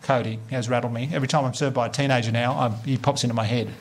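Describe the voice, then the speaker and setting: A man doing stand-up comedy, telling sweary, animated stories and slipping into voices for the people in them. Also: mid-range voice, very fast. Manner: animated, sweary storytelling with put-on quoted voices.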